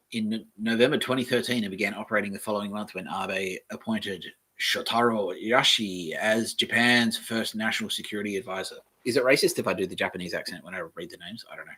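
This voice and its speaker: A podcast host with a lowish, sharp-toned voice and a breathy edge rambles offhandedly at home, joking as he reads aloud from a screen. He often trails off into mumbles during this casual commentary.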